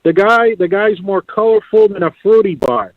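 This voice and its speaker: A male caller delivers crude, sarcastic talk, cursing freely as he goes. His slightly high voice comes through a thin, tinny phone line that sounds dry. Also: expressive, normal speed, no room sound. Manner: crude, sarcastic, calls the host "Chief". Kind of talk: call-in chat.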